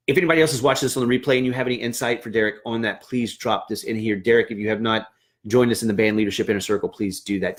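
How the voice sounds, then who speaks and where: A man who trains band leaders, giving an earnest, encouraging casual livestream talk to band directors. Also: medium pitch. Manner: earnest and encouraging, acts out classroom dialogue.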